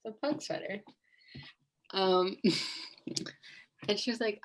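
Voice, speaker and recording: A woman's voice: medium pitch, flat delivery, slow pace, rough recording. Rambling young woman telling a storytime. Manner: rambling, fillers like "like" a lot, giggly. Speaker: vlogger. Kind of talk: casual storytime.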